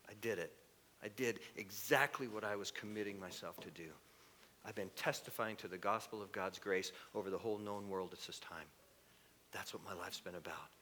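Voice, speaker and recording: A middle-aged man preaching a sermon, animated and shifting into mocking voices with sudden loud bursts. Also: on the low side, normal speed, slight background noise. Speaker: pastor.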